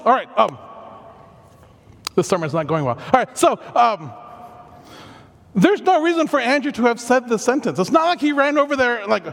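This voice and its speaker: A man preaches a sermon as lively storytelling, dropping jokes at his own expense. His voice sits high for a man. A long reverb from a large hall trails his words. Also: normal speed, vocal fry, long pauses. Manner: animated storytelling, self-deprecating asides. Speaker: pastor.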